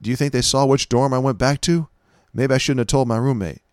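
A shaken fifteen-year-old boy, as a man puts him on, with a voice pushed up high. He rambles out one worried question after another. The sound is dry and close. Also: fairly quick, a little mellow, no room sound, lightly acted.

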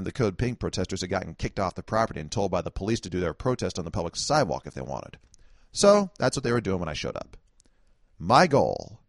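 A man's voice: sits low, no echo, studio quality. A man telling a first-person story in a wry, conversational way, with chuckling asides. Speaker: political commentator.

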